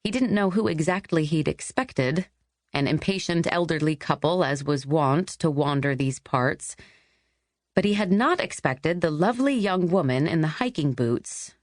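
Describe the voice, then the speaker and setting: A woman narrating an audiobook in a wry, even storytelling manner. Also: low voice, no echo, studio quality. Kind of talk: scripted narration.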